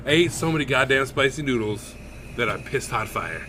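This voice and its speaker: A man's voice: mid-range voice, brisk, very noisy. A man co-hosting a podcast, telling a story in casual chat, full of swearing and laughter. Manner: profane, animated storytelling with laughs. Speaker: podcast co-host.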